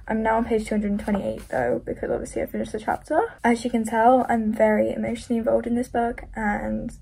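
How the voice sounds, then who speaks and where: A woman's voice: a little high, vocal fry, warm tone, breathy edge. A young woman vlogging about her reading, talking casually and emotionally, sometimes close to tears. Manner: emotional, gushing, tearful at times. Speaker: book vlogger.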